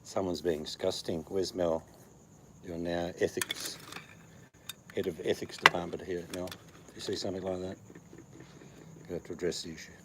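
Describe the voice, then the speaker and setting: A man's voice: low voice, level tone, moderate pace, pauses often, very noisy. A man hosting a livestream in casual chat, joking and bawdy. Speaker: livestream host.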